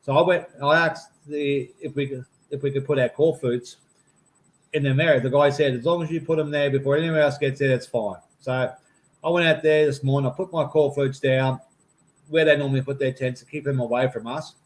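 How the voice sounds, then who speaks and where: A man's voice: medium pitch, fairly even intonation, fairly quick. Aussie guy on a call, rambly and blokey, keeps saying mate. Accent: Australian. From Australia. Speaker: campaign volunteer. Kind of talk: casual storytelling chat.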